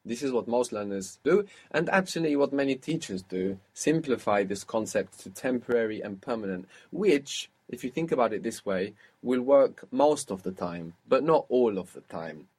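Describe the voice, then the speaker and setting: Patient husky male language teacher. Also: mid-range voice, lively intonation, normal speed, few pauses, darkish tone. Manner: patient, explains step by step and quizzes the learner. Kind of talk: audio language lesson.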